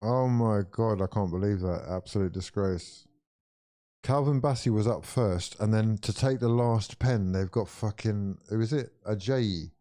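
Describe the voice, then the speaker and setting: A young English man streaming a football watch-along, swearing freely and swinging between weary groans and loud outbursts of disbelief. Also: on the low side, unhurried. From England. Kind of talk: live football reaction commentary.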